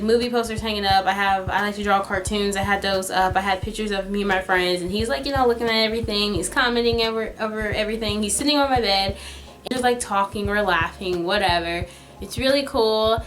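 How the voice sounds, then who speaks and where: A woman's voice: medium pitch, fairly bright tone. A young woman telling a casual storytime to her viewers, chatty and dramatic, with lots of "like" in her speech. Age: young adult. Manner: chatty, dramatic, heavy use of "like".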